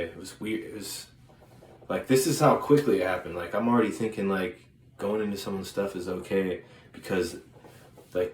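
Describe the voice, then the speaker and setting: Man, casual rambling storytelling, halting, echoey room. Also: fairly low pitch. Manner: rambling, halting with many restarts and fillers. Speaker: vlogger. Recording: echoey room with faint ambient noise.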